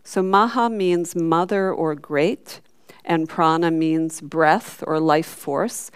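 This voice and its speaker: A woman's voice: low-pitched, fairly even intonation, slow, smooth, no echo, clean studio sound. A woman teaching a chanting class, patiently explaining marks and singing syllables for the group to repeat. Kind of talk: chanting lesson.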